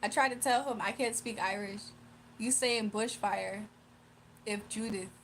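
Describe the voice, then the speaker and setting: A woman's voice: medium pitch, unhurried, a bit bright, a little hiss or hum. A young woman chatting casually on a livestream, reading chat aloud, laughing often and teasing her viewers. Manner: playful, teasing.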